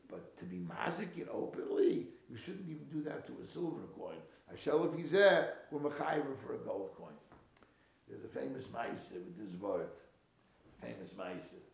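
A man's voice: mid-range voice, very animated, normal speed, gravelly, darkish tone. A man giving a Torah talk, telling a story with lots of Hebrew and Yiddish words and acting out the characters. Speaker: rabbi teaching a Torah talk. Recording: roomy echo, faint hiss.

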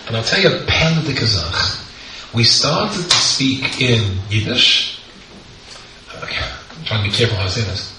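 A middle-aged British rabbi telling a humorous anecdote to an audience, acting out the people in it. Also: male voice, mid-range voice, normal speed, background noise. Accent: British English. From Britain. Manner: animated storyteller, acts out the people in the story. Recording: very roomy echo, speaker far from the mic, faint ambience.

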